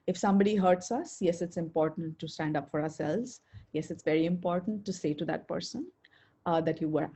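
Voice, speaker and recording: A woman's voice: on the low side, a little mellow, breathy edge, muffled recording. A woman teaching a spiritual healing class on a video call, talking in an earnest, chatty way with lots of fillers. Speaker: pranic healing instructor. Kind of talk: online spiritual talk with slides.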